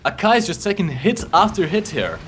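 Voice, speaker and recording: A male esports co-commentator whose high voice swings widely in pitch as he breaks down the action. He narrates plays with animated analysis, over a faint background hum. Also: a little fast. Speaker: tournament co-commentator.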